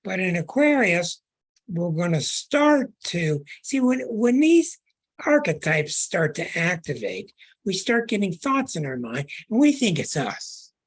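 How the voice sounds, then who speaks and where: Male astrology host, slow and husky, earnest preacher's delivery with stretched words. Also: high-pitched, very animated. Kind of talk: podcast monologue.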